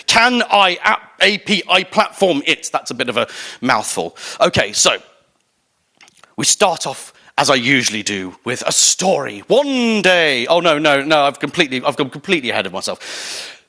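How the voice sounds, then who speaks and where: A man's voice: a little high, bright, forceful tone. An English man giving a chatty, self-mocking conference talk on stage, with many ums and restarts. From England. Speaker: conference speaker.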